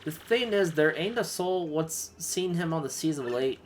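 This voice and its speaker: A man voicing a gruff, loyal male bomb-creature sailor with rough, folksy speech. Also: on the high side, animated, moderate pace, slight background noise, natural voice.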